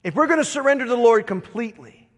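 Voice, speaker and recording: Man, middle-aged, pastor, sermon, high voice, animated, long hall reverb. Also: quick pace. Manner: animated preaching, swings from quiet asides to emphatic declarations.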